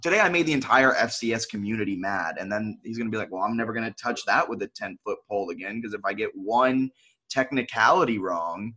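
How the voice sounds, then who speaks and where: A young man co-hosts a sports podcast, his voice mid-range and a touch husky. He talks casually in loose, repeating phrases, posing rhetorical questions and answering them himself, as if arguing a point with friends. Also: mid-range voice, fairly bright tone. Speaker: podcast co-host.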